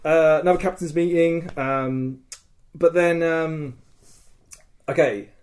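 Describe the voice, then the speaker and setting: A man co-hosting a podcast, telling a story in a casual, excitable way, swearing often and acting out other people's lines. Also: a little high, slow pace. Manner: swears a lot, animated retelling with quoted voices. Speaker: podcast co-host.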